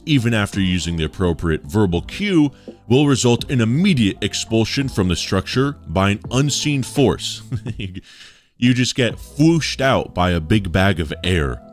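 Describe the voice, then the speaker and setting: A man reading articles aloud on a livestream, chatty, with asides to his chat. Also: lowish voice.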